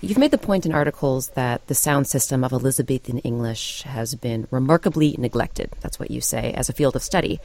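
A woman hosting an interview, asking probing questions in an expressive way. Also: extremely low pitch, brisk, gravelly, few pauses. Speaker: interviewer host.

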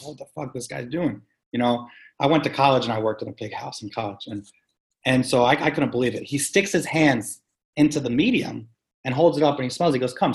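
A man talking as an interview guest about farming, telling an animated story with emphatic, punchy delivery and casual swearing. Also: medium pitch. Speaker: guest, sustainable farming practitioner. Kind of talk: conversational storytelling.

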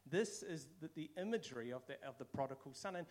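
A man's voice: fairly high pitch, lively intonation, quick pace. A man with a New Zealand accent giving a casual, conversational sermon, now and then acting out quoted voices. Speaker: preacher.

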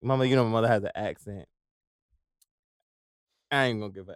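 A young man co-hosting a podcast, telling a funny story in a lively way, acting out voices and laughing often. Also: mid-range voice, brisk, long pauses, smooth, no room sound, clean studio sound. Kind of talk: animated storytelling.

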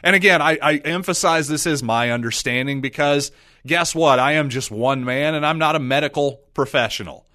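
Bright-voiced sarcastic male podcast host. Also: a little high, moderate pace, no room sound, studio quality. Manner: sarcastic, animated, mocking asides. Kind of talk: casual solo commentary.

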